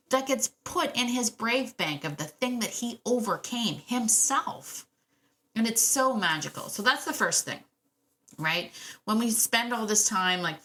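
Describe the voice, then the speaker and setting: Bright-voiced chatty woman podcaster. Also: medium pitch. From Canada. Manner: chatty and enthusiastic, many "right?" asides. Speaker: dog trainer and podcast host. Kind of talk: casual podcast monologue.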